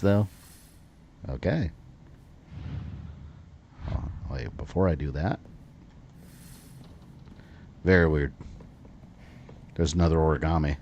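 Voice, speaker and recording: A man's voice: rumbling low, takes it slowly, long pauses, darkish tone, dull audio, slight background noise. An American man from Florida, chatting and rambling through live gameplay commentary as a streamer, often drifting off into side stories. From Florida, USA. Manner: chatty, rambling, wanders off on tangents.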